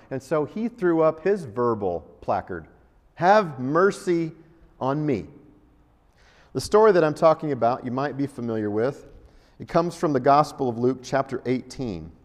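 A man preaching a sermon in a conversational, emphatic way, with sudden bursts of loudness. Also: mid-range voice, animated, fairly quick. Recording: long hall reverb.

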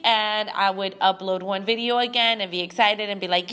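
A young woman hosting a podcast, talking through an emotional personal monologue in a halting way, full of restarts, close to tears. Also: mid-range voice, steady tone, fairly bright tone. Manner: halting, with frequent restarts and fillers. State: teary. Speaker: podcast host.

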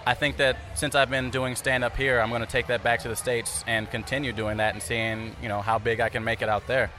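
Upbeat man from California, fast. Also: medium pitch, flat delivery. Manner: upbeat, confident. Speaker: comedian. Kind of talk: interview.

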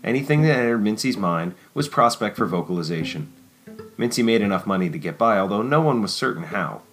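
A man narrates a novel in a steady, measured read. His voice sits on the low side. A faint guitar plays softly underneath. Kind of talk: audiobook narration.

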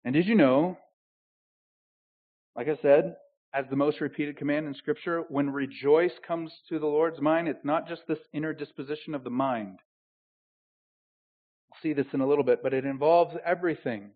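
High-voiced preaching man, tinny sound. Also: normal speed, long pauses. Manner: swings between loud emphatic declarations and quiet intimate asides. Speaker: pastor. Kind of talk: sermon.

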